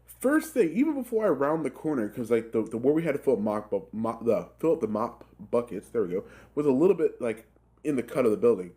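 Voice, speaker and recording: A young man in his twenties telling a rambling, profane work story in a casual, animated way, full of filler words. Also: mid-range voice, fairly quick. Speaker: gaming channel host telling a story.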